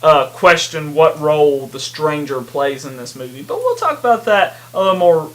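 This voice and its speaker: On a podcast, a male co-host rambles casually about a film, laughing and using lots of fillers. His voice is a little high and fairly bright, very animated, at a moderate pace.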